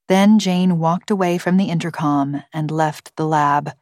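A deep-voiced woman narrates an audiobook with calm, even, measured storytelling. It's scripted narration, recorded dry with clean studio sound.

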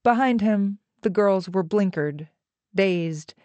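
A woman narrating an audiobook with an even, measured reading. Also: mid-range voice, no room sound, muffled recording.

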